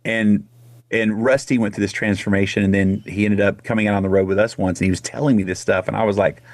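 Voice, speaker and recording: A middle-aged man with a lowish voice tells a story as a radio guest, wandering and restarting as he goes. The sound is dry and close. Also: fairly even intonation, quick pace, no echo. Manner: rambling, retells conversations in quotes. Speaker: guest, singer. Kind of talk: casual interview storytelling.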